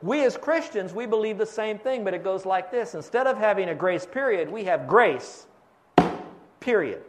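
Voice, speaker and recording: A man's voice: high voice, animated, a little fast, hardly any pauses, heavy background noise. A pastor preaching a sermon, explaining step by step and quizzing his congregation for fill-in answers.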